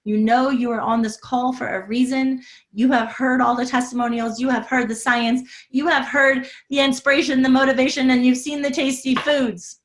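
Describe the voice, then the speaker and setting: A woman's voice: sits high, level tone, normal speed. Effusive woman hosting a live webinar. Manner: upbeat and effusive, reads out viewer comments. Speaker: health coach hosting a live masterclass. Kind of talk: live webinar sales talk and Q&A. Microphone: video call.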